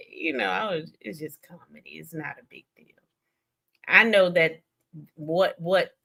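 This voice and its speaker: A young woman with a Southern American accent hosts a casual gossip stream in a low, gravelly, slightly rough voice. She's animated, laughs often, and swings between loud and soft.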